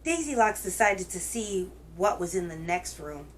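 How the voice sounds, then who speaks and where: A woman hosting a children's reading show, telling a picture book aloud in a gentle, expressive way. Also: fairly low pitch, normal speed, a little hiss or hum, poor audio. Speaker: children's story reader, host.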